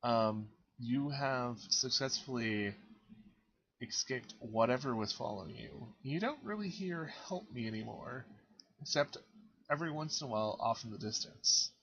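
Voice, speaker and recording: A man narrating a tabletop game as game master, relaxed and halting, often pausing on fillers. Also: medium pitch, slightly rough, lo-fi sound.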